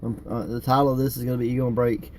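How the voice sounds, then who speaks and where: Mellow-voiced man co-hosting a chatty podcast. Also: mid-range voice, fairly even intonation, rapid-fire, a little hiss or hum. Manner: chatty, laughs often, many fillers. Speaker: podcast co-host. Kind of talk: casual chat.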